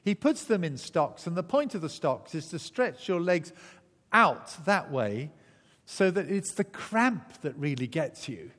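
Guy preaching, voice swings all over, kinda high, big echoey hall. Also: a little slow. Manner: animated storytelling, acting out voices. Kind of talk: sermon.

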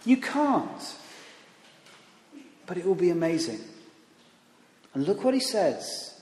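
A man preaching a sermon in a church, animated, with conversational asides and rising emphasis. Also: high voice. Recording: echoey hall, long reverb.

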